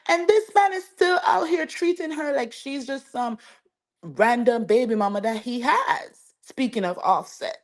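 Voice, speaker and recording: A woman hosting a celebrity gossip show, giving chatty, animated commentary and talking straight to her viewers. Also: on the high side, unhurried. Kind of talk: casual commentary to camera.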